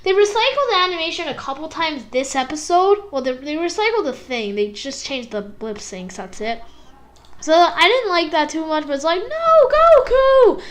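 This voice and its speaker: High-voiced excitable woman reviewing. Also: normal speed. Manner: excitable, rambling, many "like"s, mimics fight sounds. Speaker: anime episode reviewer. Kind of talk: casual rambling review.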